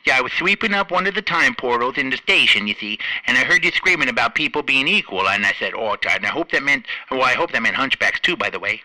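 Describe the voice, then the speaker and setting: A man's voice: medium pitch, lively intonation, fast talker, few pauses, sharp tone, rough recording. Man doing rambling hunchback janitor Igor. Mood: chatty. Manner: rambling, stammering, folksy. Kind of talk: comedy radio sketch.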